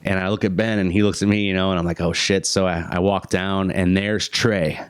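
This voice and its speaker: A man in his thirties, a podcast guest, telling a story in casual chat. He laughs often, uses many fillers, and jumps into high voices to quote people. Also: level tone, a little fast, clear, resonant tone, no echo.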